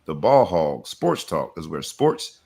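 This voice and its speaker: A man hosting a sports talk podcast with energetic, rhythmic hype delivery. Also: very deep voice, slow pace, gravelly, husky. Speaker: podcast host.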